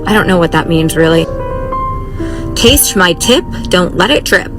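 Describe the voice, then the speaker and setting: Female creator, slow teasing recital, played from a clip with loud music under her. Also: fairly low pitch, expressive. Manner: slow, drawn-out suggestive reading. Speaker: social media creator. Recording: social video clip over loud music.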